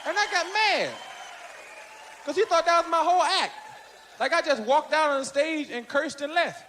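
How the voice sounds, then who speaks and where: A man's voice: very high-pitched, lively intonation, moderate pace, sharp tone, slight background noise. A man performing stand-up comedy on a big stage, telling a profane story and slipping into other voices. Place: large stage before a live audience. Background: crowd.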